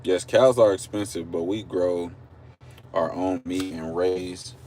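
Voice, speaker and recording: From the driver's seat at a drive-thru, a man with an Oklahoma country accent rambles and jokes with his livestream audience, filmed on a phone camera. He speaks slowly in a deep, darkish voice with fairly even intonation, and there's slight background noise.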